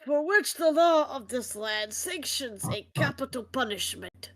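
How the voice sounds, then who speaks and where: A woman voicing a stern elderly male judge in a fan voice-acted game stream, with formal, solemn, drawn-out pronouncements. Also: high voice, expressive, rough recording. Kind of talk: amateur voice acting on a stream.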